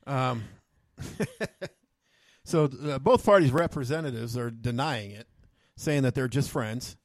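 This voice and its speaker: A man co-hosts a chatty podcast, trading deadpan teasing and laughing at his own jokes. His voice sits in an ordinary middle range. The sound is dry and close, with no room around it. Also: mid-range voice, a little slow, no room sound. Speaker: podcast co-host. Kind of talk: joking casual chat.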